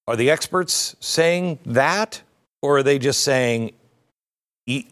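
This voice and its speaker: A man's voice: medium pitch, slow, a bit bright. A middle-aged man hosting an opinion talk show, speaking in a sardonic, conversational way with self-mocking asides. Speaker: host.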